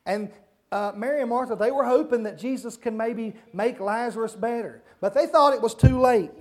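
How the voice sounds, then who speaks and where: A man giving a children's sermon, asking the kids simple questions and hushing them as he goes. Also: very high voice, normal speed. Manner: hushes and redirects children mid-talk. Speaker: children's church leader.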